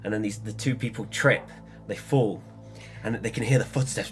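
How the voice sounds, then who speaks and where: A man's voice: on the low side, moderate pace, soft background music. A young man, co-hosting a casual podcast chat and cracking jokes. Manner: joking, animated, laughs at own jokes. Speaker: podcast co-host.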